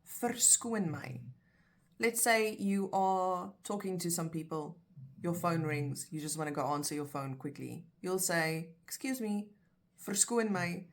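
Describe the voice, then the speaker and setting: A South African woman teaching phrases in a casual, chatty language lesson, explaining with everyday examples. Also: fairly low pitch. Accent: South African (Afrikaans).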